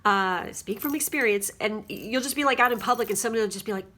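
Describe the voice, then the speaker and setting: A woman gives a casual spiritual tarot card reading at home, rambling and chatty while often checking in with her listeners. Her voice is a little high, pushed, and bright, and she speaks quickly.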